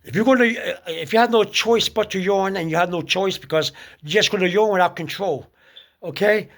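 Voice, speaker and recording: A man giving casual spoken advice on prayer, halting often with fillers and restarts. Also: sits high. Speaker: speaker giving religious advice.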